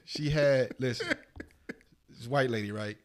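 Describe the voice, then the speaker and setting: A man's voice: mid-range voice, measured pace. A man co-hosting a podcast, telling a long story in casual profane chat and acting out the other people's lines. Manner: animated, profane, voices other people in quotes. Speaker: podcast co-host.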